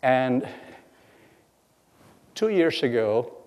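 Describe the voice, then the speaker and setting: A middle-aged man giving a lecture as guest speaker, telling stories with halting repeats and acting out bits of dialogue. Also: medium pitch, animated, darkish tone. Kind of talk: lecture storytelling. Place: lecture hall. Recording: long hall reverb.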